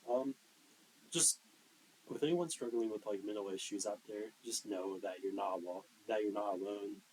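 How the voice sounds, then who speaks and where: Earnest, hesitant young man, low voice. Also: normal speed, darkish tone, a little hiss or hum, rough recording. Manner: earnest, hesitant, many fillers. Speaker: podcast co-host. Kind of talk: casual podcast chat.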